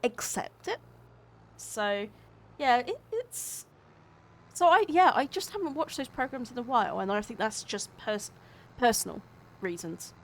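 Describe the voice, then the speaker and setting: A woman's voice: a little high, animated, measured pace, pauses often. A woman hosting a gaming stream, chatting casually with a friend and teasing him with frequent laughs. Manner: warm, teasing, laughs often. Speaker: gaming channel host. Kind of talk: casual chat while gaming.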